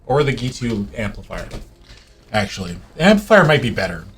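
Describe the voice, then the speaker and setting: A man's voice: on the low side, big pitch swings, fairly quick, husky. A man co-hosting a card game stream, casually thinking aloud as he weighs picks. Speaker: co-host. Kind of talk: casual chat while drafting a card game.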